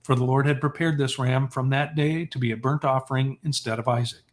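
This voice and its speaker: A man hosting a livestream who reads an old religious text aloud in a steady, measured way and sometimes corrects himself. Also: medium pitch. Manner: steady, measured reading with occasional self-corrections. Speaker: scripture reader. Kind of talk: reading scripture aloud on a livestream.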